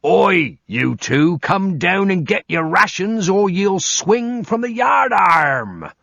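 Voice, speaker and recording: Brief: man putting on a shouting male bosun, pitched up high and slow, muffled audio. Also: very animated, creaky, no echo, full character voice. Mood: bellowing. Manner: shouting, drawn-out barking. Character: bellowing male ship's bosun giving orders.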